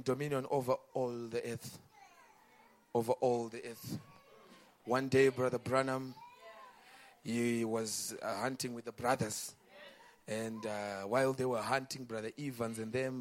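A man preaching a sermon, moving from quiet talk to loud, shouted climaxes. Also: medium pitch.

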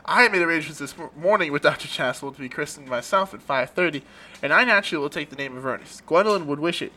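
A man's voice: on the high side, lively intonation, quick pace, sharp tone. A man casually reading through a comic play with a friend, earnest and sometimes stumbling over the lines. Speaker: amateur reader of a play.

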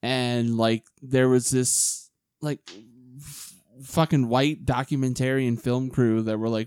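A man's voice: medium pitch, steady tone, measured pace, a little mellow, smooth, dry recording, clean studio sound. A man co-hosting a podcast, talking loosely with lots of fillers and casual swearing. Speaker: podcast co-host. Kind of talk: casual chat.

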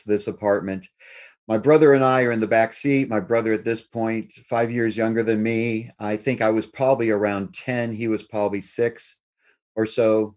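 A middle-aged man telling a personal story in a lively way, now and then putting on his family members' voices. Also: fairly low pitch. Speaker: guest storyteller.

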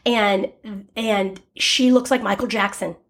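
A woman in her forties co-hosting a chatty show, telling stories and acting out everyone's quotes with lively energy. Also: medium pitch, slow, gravelly. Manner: animated storyteller, acts out quotes. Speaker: radio co-host. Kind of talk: casual chat with a read ad.

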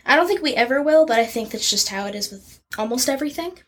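A young woman co-hosting a casual chat podcast, giggly and animated as she tells stories. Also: fairly high pitch, fast, slightly rough. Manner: giggly, retells with acted quotes. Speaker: podcast co-host.

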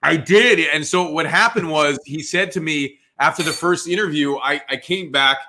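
A man's voice: on the high side, moderate pace, a little hiss or hum. A man in his forties with a New Jersey accent, telling his story as an interview guest and acting out the dialogue, with "dude" and "man" thrown in. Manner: animated, acts out quoted dialogue, says "dude" and "man". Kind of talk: casual storytelling.

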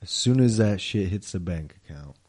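A man's voice: low-pitched, lively intonation, normal speed, a little mellow. A young man co-hosting a podcast, telling stories in a laid-back, profane way. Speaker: podcast co-host. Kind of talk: casual chat.

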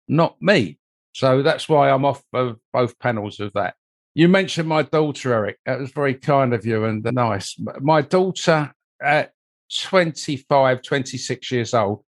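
Older man telling a rambling story. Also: medium pitch. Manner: rambling, anecdotal, frequent "you know" asides. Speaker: interview guest, mold investigator. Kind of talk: conversational storytelling.

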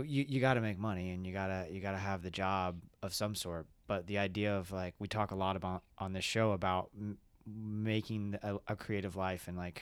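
A man with a low voice hosts a podcast from a room at a music festival, chatting reflectively in a casual interview with many restarts. The sound is clean, with no echo.

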